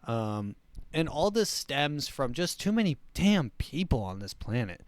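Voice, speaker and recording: A man's voice: medium pitch, very animated, unhurried, dry recording. Sarcastic man riffing on the news. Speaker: show host. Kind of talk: comedic news commentary.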